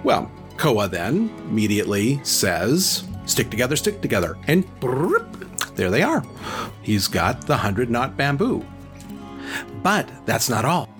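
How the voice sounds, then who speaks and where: A man's voice: mid-range voice, wildly swooping pitch, takes it slowly, fairly bright tone, soft background music. A man casually telling a folk legend, chatty and joking with many fillers. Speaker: storyteller. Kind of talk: casual storytelling.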